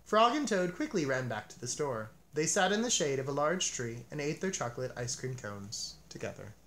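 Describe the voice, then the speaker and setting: A man reading a children's storybook aloud as narrator, with a gentle, expressive manner. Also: medium pitch, normal speed, a little hiss or hum. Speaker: storybook reader.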